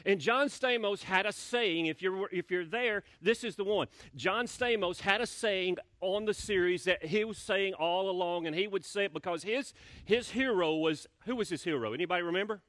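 A man's voice: high-pitched, normal speed, a bit bright, no room sound, studio quality. A male pastor preaching a sermon in a church, talking conversationally, repeating words and asking the congregation questions. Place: church sanctuary.

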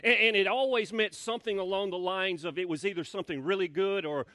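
Preaching a sermon in the church sanctuary, this pastor talks conversationally, repeating words and questioning the congregation. His voice is high-pitched, fast and sharp in tone, recorded with studio quality and no room sound.

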